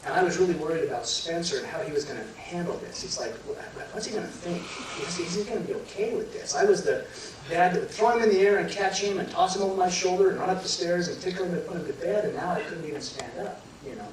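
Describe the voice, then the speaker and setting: A middle-aged man with a fairly high voice tells a personal story to a live audience, halting and restarting as emotion catches him. He sounds far from the mic in a very echoey hall, with steady room noise behind him. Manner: halting, many restarts and fillers, choking up at times. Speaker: guest telling his near-death story.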